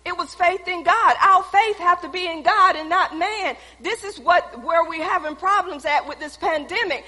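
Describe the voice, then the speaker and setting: A woman's voice: extremely high pitch, normal speed, hardly any pauses, bright, forceful tone. A woman preacher delivering a sermon in an emphatic, folksy way, repeating phrases for stress, in a church sanctuary. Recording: long echoey hall reverb.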